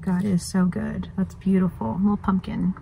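A woman's voice: medium pitch, flat delivery, normal speed, vocal fry, phone-quality sound, noisy background. A woman vlogging outdoors by a lake, chatting and gushing, sometimes dropping to a whisper. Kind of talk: casual chat.

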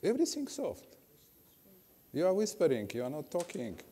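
An older man coaching a pianist, blunt and instructive as he corrects the playing. His voice is mellow and warm. It rings with a long reverb in a large hall. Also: a little high, huge pitch swings, normal speed, slight background noise. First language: Russian. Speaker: piano teacher. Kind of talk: master class coaching. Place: music school hall with a piano.

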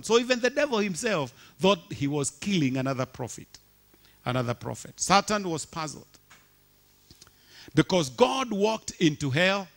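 Fiery high-pitched male preacher. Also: fairly bright tone. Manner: impassioned, repeating rhetorical questions to the congregation. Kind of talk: sermon.

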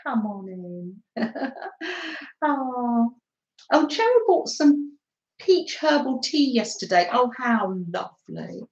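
Speaking slowly with long pauses, this English craft livestreamer has a high, expressive, slightly mellow voice as she reads out live comments, welcomes viewers by name, and frequently giggles. The lo-fi recording has an echoey room sound.

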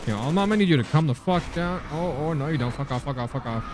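A man's voice: on the high side, lively intonation, very fast. Jumpy, swearing young man gaming. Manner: jumpy, profane reactions to scares. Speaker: gaming channel host. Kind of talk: let's play commentary.

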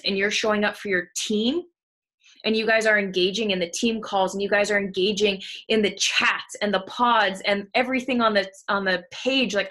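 A woman who leads a coaching team runs a motivational call from a room at home with the window open. She's hyped, cheering her team on and swearing freely. Her voice is mid-range and a bit bright.

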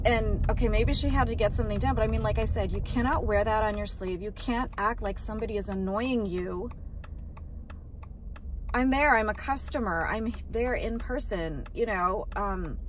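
A woman's voice: medium pitch, normal speed, recorded from a distance, a little hiss or hum. A woman in her forties vlogging from her car, chatty and exasperated, rambling with sighs and little laughs. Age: 40s. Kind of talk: chatty vlog rant.

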